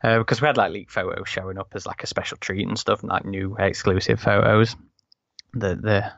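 A man's voice: fairly low pitch, steady tone, a little fast, gravelly, fairly bright tone, dry recording. A man in casual podcast chat, telling long rambling anecdotes full of restarts. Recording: slightly dull, dry recording.

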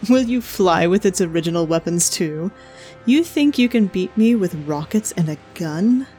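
A scornful female soldier taunts her rival with clipped, jeering lines. A woman voices her in a story reading. The voice sits low and warm over faint music. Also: lively intonation, normal speed, close to an everyday voice, poor audio.

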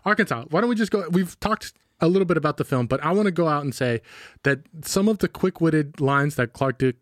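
A young man co-hosting a casual film review podcast, joking and enthusiastic with quick asides. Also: fairly high pitch, animated, no room sound, studio quality. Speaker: podcast co-host.

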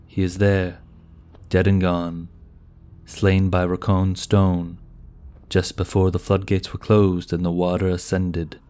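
Weary grieving knight, man narrator doing him, low voice, slow and earnest; audiobook fantasy. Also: monotone, dark tone.

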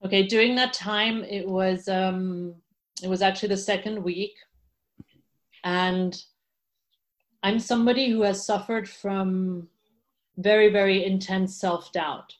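A woman's voice: medium pitch, steady tone, a little slow, pauses often. Candid woman telling her story. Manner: candid, laughs often, many fillers and restarts. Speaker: interview guest. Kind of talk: casual interview talk.

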